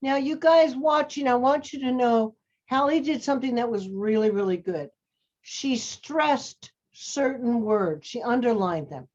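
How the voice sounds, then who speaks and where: A woman's voice: on the high side, measured pace, a little mellow. A woman acting teacher coaching students over a video call, encouraging and calling them sweetie and honey. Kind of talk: coaching students in an online class. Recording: dull lo-fi call audio.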